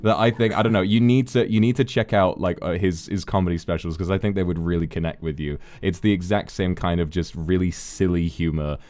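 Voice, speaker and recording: A male streamer hosting a casual conversation. His low voice is easygoing and thoughtful, and he talks at a relaxed pace. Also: fairly quick, few pauses, no room sound. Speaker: streamer hosting a talk segment. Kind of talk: casual chat.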